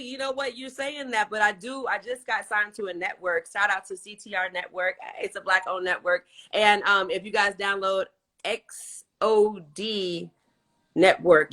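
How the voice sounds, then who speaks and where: A woman hosting a casual online interview over a video call, animated and chatty, laughing often. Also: medium pitch, normal speed. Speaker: host.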